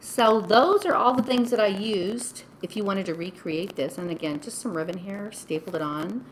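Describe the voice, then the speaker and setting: Woman, craft vlogger, gushing casual chat, average pitch. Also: expressive, normal speed, a little hiss or hum, low-quality recording. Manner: gushing, chatty, lots of "oh my goodness". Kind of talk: casual show-and-tell tutorial.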